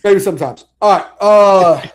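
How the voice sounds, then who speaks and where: A man's voice: high voice, moderate pace. A man co-hosting a casual sports chat, barking orders at players in a mock drill-sergeant manner. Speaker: podcast co-host.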